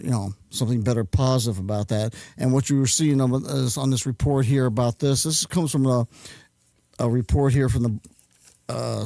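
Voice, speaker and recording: A man hosts his own show, rambling from one thought to the next and muttering when his gear gives him trouble. His voice is mellow and dark, recorded close and dry with no room around it. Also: mid-range voice, no echo. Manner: flustered, muttering while fumbling with equipment. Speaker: host. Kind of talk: rambling casual monologue.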